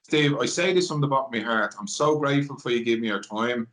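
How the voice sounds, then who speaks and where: Enthusiastic podcast host. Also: male voice, mid-range voice, quick pace. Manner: warm praise, enthusiastic exclamations. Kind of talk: casual interview chat.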